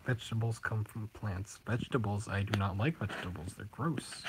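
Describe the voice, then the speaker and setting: A man's voice: on the low side, steady tone, brisk, hardly any pauses, heavy background noise. A teenage boy streaming live, chatting casually with viewers and rambling with frequent giggles. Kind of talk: casual live-stream chat reading comments.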